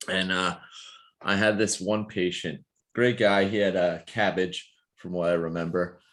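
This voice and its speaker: Lowish-voiced guy rambling through a funny clinic story, lots of ums. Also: steady tone, a little slow, a bit bright. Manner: laughs a lot, rambling with many fillers. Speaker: physical therapist podcast co-host. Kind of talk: casual podcast storytelling.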